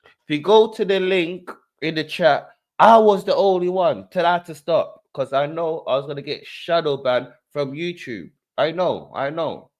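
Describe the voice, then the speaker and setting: A man hosting a casual livestream, talking in animated bursts and repeating his points. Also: moderate pace. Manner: animated, repeats himself, swings in pitch. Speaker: host.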